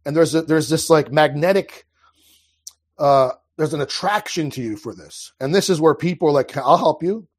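Husky-voiced man talking earnestly. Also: fairly high pitch, moderate pace. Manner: earnest, impassioned, with frequent restarts. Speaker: podcast guest. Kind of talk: casual conversational monologue.

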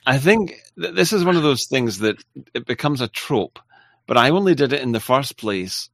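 A man hosts a casual livestream, reading out viewer messages. He talks in a halting, self-deprecating way, full of restarts. His voice sits at a middling pitch and sounds close and dry. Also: lively intonation, gravelly, fairly bright tone, no room sound. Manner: halting and apologetic, with frequent restarts and laughs. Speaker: livestream host.

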